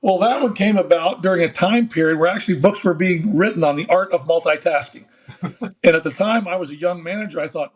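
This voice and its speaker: An older man, a former baseball manager, telling a folksy, animated story in an interview and acting out the dialogue. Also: high-pitched, fairly quick.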